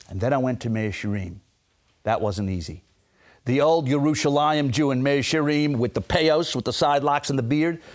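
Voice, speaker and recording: A man telling a dramatic story at a concert, swinging between hushed and emphatic. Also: mid-range voice. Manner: animated, first-person narration of the tale.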